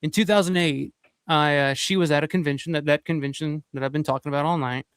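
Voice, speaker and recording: A man's voice: a little high, steady tone, fast, clean tone, dry recording. A man hosting a casual live-stream chat, talking loosely with lots of swearing and fillers like "like" and "you know". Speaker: host.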